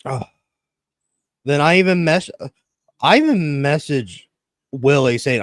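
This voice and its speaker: A man's voice: on the high side, lively intonation, takes it slowly, long pauses, dry recording. A man co-hosting a podcast in casual chat, rambling, swearing often and acting out what others said. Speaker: podcast co-host.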